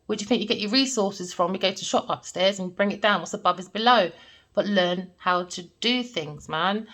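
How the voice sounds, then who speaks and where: A woman talks through a tarot reading in a lively, emphatic manner, often checking in with "all right?" Her pitch sits mid-range for a woman, and she speaks plainly and directly, as if telling a story to friends. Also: moderate pace. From Jamaican family background. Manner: animated, emphatic, repeats points with "all right?". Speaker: tarot reader.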